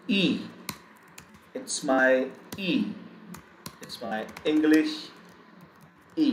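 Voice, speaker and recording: Guy teaching german sounds really slowly, repeats every word, kinda high voice, echoey room w/ faint typing. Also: a little hiss or hum. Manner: slow, repeats each sound several times. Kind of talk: live online language lesson.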